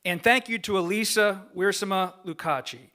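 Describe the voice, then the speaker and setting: Bright-voiced man giving a heartfelt acceptance speech. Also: high-pitched, moderate pace, a little hiss or hum. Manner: earnest and grateful, reading a prepared speech. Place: large gala banquet room.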